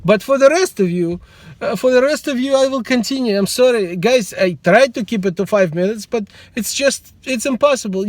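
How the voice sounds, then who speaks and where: A middle-aged man, rambling in a meandering, deadpan way while talking to the camera from inside a car. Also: very high voice, moderate pace, no room sound. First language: Russian. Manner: meandering, self-interrupting, deadpan humor. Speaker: vlogger. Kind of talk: rambling casual monologue to camera.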